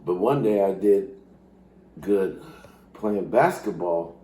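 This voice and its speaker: A man's voice: deep voice, slow pace, mellow, echoey room. An older man telling a casual story, laughing often and acting out the voices of others.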